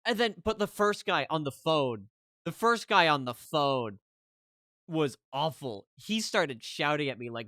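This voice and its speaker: Bright, dry-voiced streamer in a heated rant. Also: medium pitch, animated, measured pace, dry recording. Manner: heated, keeps asking "right?". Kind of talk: casual ranting story to chat.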